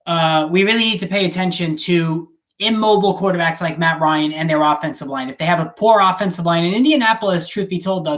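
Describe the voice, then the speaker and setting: Hosting a fantasy football show live, this man answers viewers' chat questions in a casual, straightforward manner, cursing now and then. He speaks with a slightly high, fairly bright voice.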